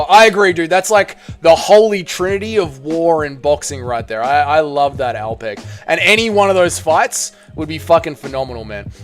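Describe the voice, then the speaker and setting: A man with an Australian accent hosting a live stream, chatting casually, reading out and answering viewer comments, and swearing now and then. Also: high-pitched.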